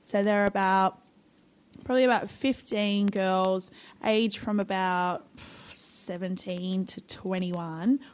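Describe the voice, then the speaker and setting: A woman's voice: medium pitch, fairly even intonation, slow, low-quality recording. An Australian woman in the middle of a casual chat, telling a story. Her voice is bubbly and talkative, and she swears freely. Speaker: podcast guest.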